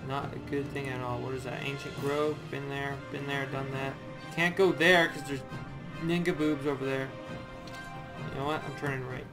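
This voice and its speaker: A man's voice: mid-range voice, flat delivery, moderate pace. A young man giving goofy, sarcastic commentary while playing a video game and talking back to the characters. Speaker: let's play gamer. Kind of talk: casual gameplay commentary. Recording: commentary over game music.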